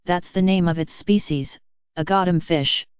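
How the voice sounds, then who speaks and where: A woman's voice: on the low side, normal speed, smooth, dry recording, lo-fi sound, close to an everyday voice. A woman voicing a prim, innocent nun in a polite tone.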